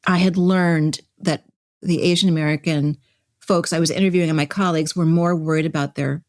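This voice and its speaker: A woman's voice: low-pitched, steady tone, a little fast, a little mellow, no echo, clean studio sound. A woman speaking as a guest on an interview podcast, reflective and emotional, often restarting her sentences as she searches for words. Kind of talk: candid conversational interview.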